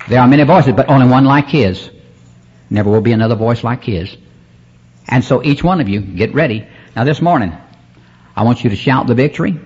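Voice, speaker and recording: A man's voice: medium pitch, darkish tone, breathy edge. A man preaching a rambling sermon at a church service, calling out to the congregation. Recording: dull lo-fi cassette recording.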